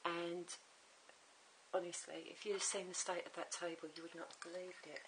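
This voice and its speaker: A woman's voice: on the low side, level tone, moderate pace, a bit bright, low-quality recording. A middle-aged woman, chatting and rambling through a home crafting tutorial, muttering to herself as she works. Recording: home camera recording with faint hiss.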